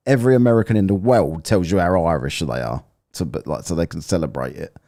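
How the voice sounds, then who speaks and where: Low, lively English man on stream. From England. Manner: chatty, rambling, quick to joke and laugh. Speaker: streamer reviewing a debate and reading chat. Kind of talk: casual live-stream commentary.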